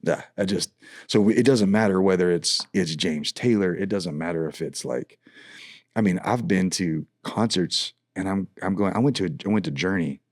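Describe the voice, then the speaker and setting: A middle-aged worship leader tells a story in a casual podcast conversation, his low voice moving at a normal speed. He's an animated storyteller who acts out the dialogue and often restarts his sentences. The studio recording is clean, with no room sound.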